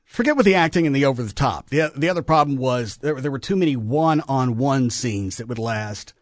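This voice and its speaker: A man's voice: medium pitch, animated, brisk, no room sound, studio quality. Opinionated man chatting on the radio. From Texas. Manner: offhand, opinionated, trailing off. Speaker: radio show host. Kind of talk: casual radio chat.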